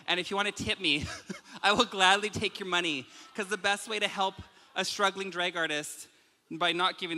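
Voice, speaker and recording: A drag performer turning forty, the guest of honor at her own roast, banters on stage in a bright, high voice at a live comedy venue with an audience. She's campy, bawdy, self-mocking and giggly. The recording carries the hall reverb of the live venue.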